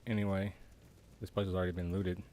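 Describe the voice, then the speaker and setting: A man's voice: deep voice, flat delivery, quick pace, noisy background. A man chatting casually with a friend while playing, offhand and talking to himself as he goes. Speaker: co-player. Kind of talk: casual gaming chat over voice chat.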